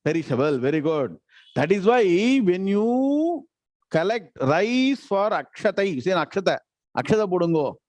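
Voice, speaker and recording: A man teaching a scripture class, chanting Sanskrit verses slowly and often quizzing his students. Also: high voice, sing-song, darkish tone, no echo. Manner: keeps quizzing the class with questions. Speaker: Gita and Vedanta teacher.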